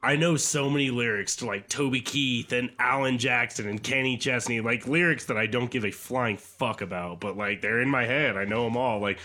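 A man's voice: mid-range voice, moderate pace, hardly any pauses, pushed and bright. A man chatting casually on a podcast, laid-back and swearing freely.

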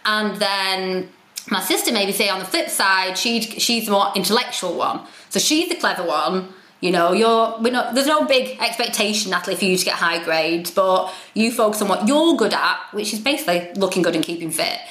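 A woman's voice: medium pitch, normal speed, a bit bright. A woman, a podcast guest, telling her story candidly, frank and self-deprecating with plenty of swearing. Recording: roomy echo.

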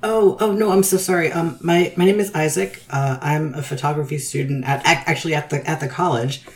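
A man's voice: fairly high pitch, flat delivery, brisk, a bit bright, lightly acted. A man playing a stammering nervous student. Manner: stammering, anxious, apologetic.

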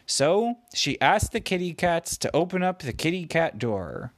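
Slow, playful storytelling man. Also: on the high side, very animated, dry recording. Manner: meandering, gently playful. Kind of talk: improvised bedtime story for a child.

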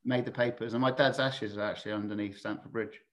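Sweary low-voiced guest. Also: male voice, fairly even intonation, quick pace. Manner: candid, sweary, chatty, frequent restarts. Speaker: podcast guest. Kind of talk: casual anecdotal storytelling.

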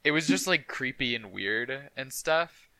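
A man's voice: mid-range voice, lively intonation, a little slow, pushed and bright, no echo, soft background music. A young man co-hosting a casual movie podcast, joking and laughing often. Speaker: podcast co-host. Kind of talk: casual chat.

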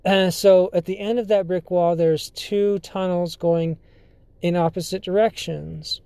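Podcast host, casual storytelling, slow halting delivery, mellow tone, dry close sound. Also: mid-range voice, fairly even intonation, vocal fry, clean tone, no room sound. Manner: halting, filler-heavy, often restarts sentences.

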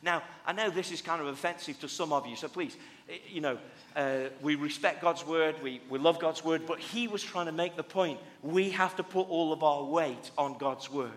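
A pastor preaches in a church hall whose long reverb trails his words, his male voice on the high side and a bit bright at normal speed. The sermon is conversational, full of restarts and gentle jokes on the side.

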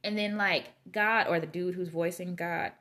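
This woman's voice sits on the low side yet sounds a bit bright, with a steady tone and normal speed. As a Bible study vlogger, she reads verses aloud and chats about them loosely afterward.

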